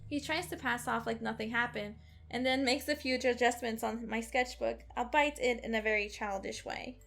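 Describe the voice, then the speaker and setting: A woman hosting a let's play, reading a visual novel aloud in an expressive, sarcastic way. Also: a little high, moderate pace, vocal fry. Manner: expressive, sarcastic, occasional giggles.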